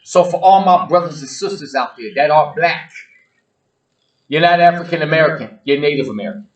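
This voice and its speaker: A show host with a slightly high male voice holds the floor alone. He talks bluntly and emphatically, circling back to repeat his points. He addresses his listeners directly in a preachy rant. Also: brisk, rough recording. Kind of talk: ranting monologue to the audience.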